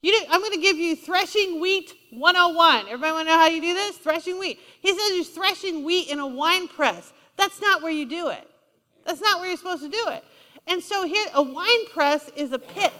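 A woman's voice: very high-pitched, brisk, sharp tone. A woman preaching a sermon in a conversational, emphatic way, often asking the congregation questions. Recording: long hall reverb.

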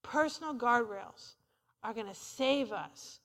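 In a church sanctuary, a woman preaches with a conversational, funny style and calls out to the congregation for responses. Her voice is slightly high and fairly bright, her delivery slow, and the recording echoes through a reverberant hall.

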